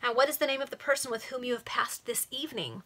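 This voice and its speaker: A woman voicing a polite, earnest young gentleman. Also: mid-range voice, fast.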